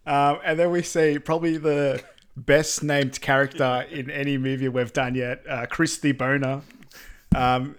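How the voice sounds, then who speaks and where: A man co-hosting a casual movie rewatch podcast, chatty and quick to laugh. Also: mid-range voice, level tone, smooth. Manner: chatty, laughs easily, many ums. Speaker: podcast co-host.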